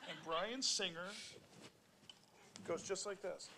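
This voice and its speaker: A man's voice: sits high, takes it slowly, very noisy. A middle-aged male actor telling a rambling story at a convention panel, stopping and restarting his sentences and acting out what others said. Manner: rambling, self-interrupting storyteller who acts out quotes.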